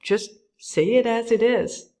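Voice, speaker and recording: A woman coaching public speaking, commenting on clips and acting out example lines with big jumps in her voice. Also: takes it slowly. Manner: lively, acts out example phrases with big pitch jumps. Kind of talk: tutorial commentary on video clips.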